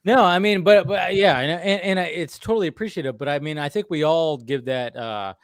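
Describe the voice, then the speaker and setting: A man chatting on a podcast panel, animated and profane, repeating his points. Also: on the high side, fairly quick, clear, resonant tone, dry recording. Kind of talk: casual panel chat.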